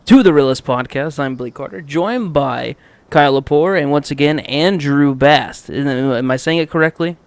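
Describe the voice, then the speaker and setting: A man's voice: fairly high pitch, moderate pace, smooth, no echo. A man hosting a casual podcast, talking in an upbeat, blunt way with frequent laughs. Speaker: podcast host. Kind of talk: casual wrestling review chat.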